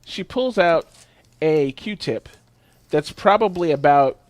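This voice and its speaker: Podcast co-host, male, high voice, dry close mic, animated profane storyteller. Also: slow, no room sound. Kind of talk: casual podcast chat, storytelling.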